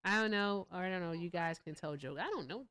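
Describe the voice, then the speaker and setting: A woman's voice: lowish voice, animated, quick pace, a crowd in the background. A woman hosting a casual live stream, chatting with viewers and thanking them, sounding tired.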